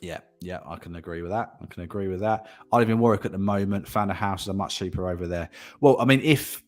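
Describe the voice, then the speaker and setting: A man's voice: sits low, quick pace, faint music behind. A man hosting a casual property livestream, chatting and reading out viewer comments, often repeating himself and laughing.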